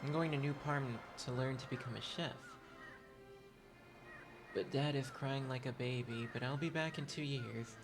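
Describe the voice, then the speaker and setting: A man's voice: mid-range voice, fairly even intonation, normal speed, lightly acted. A man reading game dialogue aloud, voicing an eager, stubborn young boy adventurer in an earnest, cheeky manner. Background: game music.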